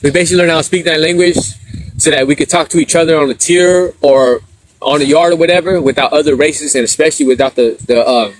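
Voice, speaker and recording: A middle-aged man from San Diego hosts a relaxed live stream. He reads viewer comments aloud and tells stories in street slang, laughing often. His voice sits a little higher than most men's. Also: fast, a little hiss or hum. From San Diego, USA. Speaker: livestreamer reading chat. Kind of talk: casual live stream chat.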